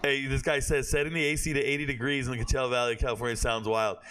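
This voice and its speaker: A young man streaming a football watch party, telling animated stories to his chat and swearing freely. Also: mid-range voice, fast, crowd noise. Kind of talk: casual chat.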